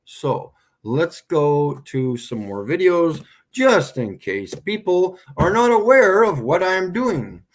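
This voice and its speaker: A man hosting a livestream, ranting sarcastically and with exasperation as he answers viewers' comments. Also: on the high side. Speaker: livestream host. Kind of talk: ranting live stream commentary.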